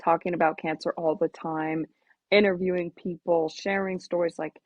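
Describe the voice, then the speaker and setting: A lower-pitched woman speaks in casual interview chat, earnest and reflective with a halting flow. The sound is dry and close. The audio is dull and lo-fi. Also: fairly even intonation, no echo. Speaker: podcast guest, melanoma advocate.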